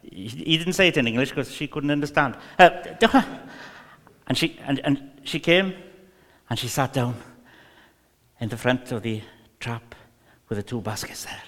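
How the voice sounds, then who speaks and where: A man's voice: mid-range voice, moderate pace, long pauses, fairly bright tone, in a large hall. A man with a Welsh accent preaching a sermon, emphatic and repetitive with many fillers.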